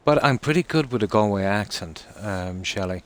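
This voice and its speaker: An Irish man chatting casually on a live stream, reading out and answering viewer comments in a relaxed, talkative way. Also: lowish voice, moderate pace. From Ireland.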